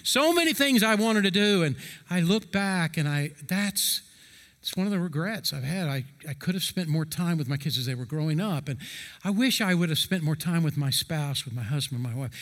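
Earnest pastor preaching in a reverberant hall. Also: male voice, fairly high pitch, a bit bright. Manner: earnest, emphatic preaching with slow stressed phrases. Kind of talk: sermon.

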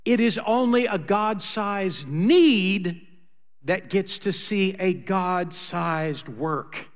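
A male pastor preaching a sermon, retelling a story dramatically and swinging between loud passages and hushed ones. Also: sits high, very slow, long reverb tail.

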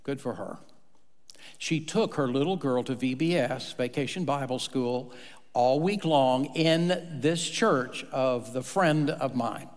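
A man's voice: mid-range voice, slow pace, big-room sound. A man preaching a sermon as pastor, telling stories and acting out the people in them. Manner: storytelling, animated, acts out quoted voices.

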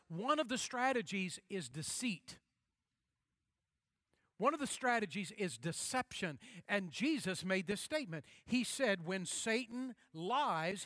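A man pastor delivering a sermon, emphatic, repeating key phrases and slowing down to stress them. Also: high-pitched, fairly bright tone, dry recording, studio quality.

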